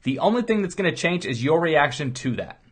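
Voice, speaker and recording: A man's voice: fairly high pitch, very animated, brisk, husky. A middle-aged man, a chiropractor, giving a rambling, earnest motivational talk in a casual, storytelling way. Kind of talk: motivational monologue.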